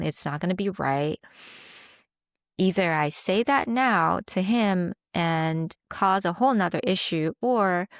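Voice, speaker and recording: Young woman, podcast host, lowish voice, dry close sound, confessional, reflective. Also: clear, resonant tone, no echo. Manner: reflective and confessional, with small laughs. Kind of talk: candid personal monologue.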